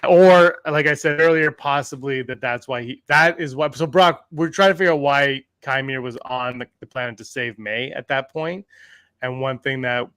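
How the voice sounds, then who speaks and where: A man hosting a casual podcast chat, animated and quick to question his co-hosts. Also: mid-range voice, clean tone, dry recording. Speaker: podcast host.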